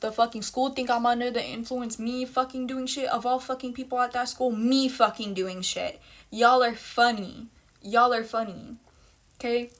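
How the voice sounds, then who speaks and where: A woman's voice: on the high side, fairly even intonation, normal speed, few pauses. A young woman telling a personal story in a casual storytime monologue, blunt and emphatic, with heavy swearing and repeated phrases.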